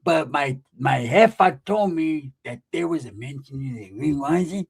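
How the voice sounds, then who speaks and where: A man voicing a paranoid, conspiratorial cousin who talks slowly and secretively, tagging lines with "eh?". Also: a little high, lively intonation, vocal fry, slightly rough, pitched below the performer's own voice, heavily acted. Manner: hushed, slow, secretive, ends with "eh?".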